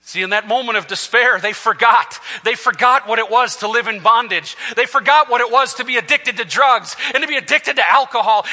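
A man preaching a sermon, reading scripture and swinging between fervent shouts and hushed, quiet passages. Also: extremely high pitch, fairly quick, hardly any pauses, long reverb tail. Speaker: pastor.

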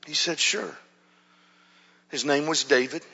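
A man preaching a sermon as a pastor, telling a story in an animated way, acting out quotes with shouts and whispers. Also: a little high, moderate pace. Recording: dull recording in a hall with long reverb.

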